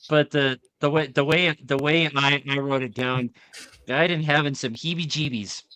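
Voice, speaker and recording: A man's voice: on the high side, steady tone, moderate pace, bright, forceful tone, smooth, no echo. A man hosting a casual podcast chat over a video call. He rambles and often restarts his sentences. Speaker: podcast host.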